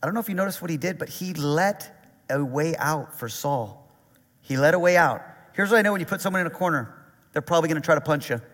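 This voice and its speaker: A man preaching a sermon, animated and conversational, reading scripture aloud. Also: on the high side, fast, long reverb tail. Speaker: pastor.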